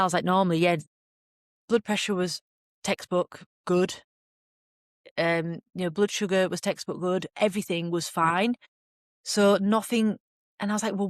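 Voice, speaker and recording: A woman's voice: fairly low pitch, no echo, clean studio sound. A woman hosting a podcast, frankly recounting a personal story in a chatty way and acting out her own reactions. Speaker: podcast host. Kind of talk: candid storytelling monologue.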